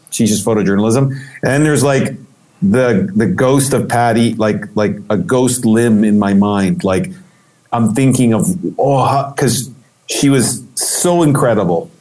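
A middle-aged man in a casual interview, telling a long story with lots of life and playing out the people in it. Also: medium pitch. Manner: animated anecdotal storytelling, acts out quoted voices. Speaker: interview guest, photographer.

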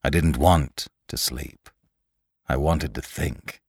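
A man voicing a quiet, menacing risen dead man. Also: very deep voice, slow, breathy edge, no room sound, studio quality, voice pushed down, heavily acted. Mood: guarded. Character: pale, cold dead man risen from the grave.

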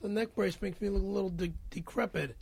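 A man's voice: high-pitched, steady tone, fast, vocal fry, darkish tone, husky. A man co-hosting a comedy podcast, firing back defensive, indignant comebacks. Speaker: podcast co-host.

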